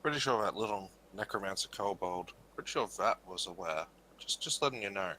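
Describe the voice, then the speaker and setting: A man taking his turn in a tabletop game, talking in a blunt, matter-of-fact way. His voice is very deep, yet it has a hard, sharp, forceful edge. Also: animated, fairly quick, poor audio. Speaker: player. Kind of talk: casual tabletop play.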